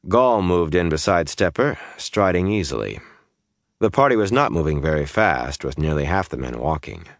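Very deep-voiced male audiobook narrator. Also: lively intonation, normal speed, no echo, clean studio sound. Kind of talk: scripted narration.

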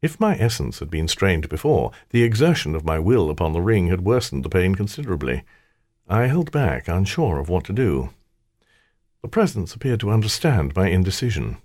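A man's voice: deep voice, sing-song, moderate pace, a little mellow, no room sound, clean studio sound. A man reading a fantasy audiobook aloud, telling the story in the first person in a wry, theatrical way. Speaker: audiobook narrator. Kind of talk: scripted audiobook narration.

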